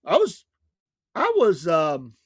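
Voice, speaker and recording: A man's voice: on the high side, huge pitch swings, slow pace, slightly rough, no room sound, studio quality. A middle-aged man hosting a radio show, telling neighborhood stories in a casual way and laughing often. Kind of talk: casual storytelling chat.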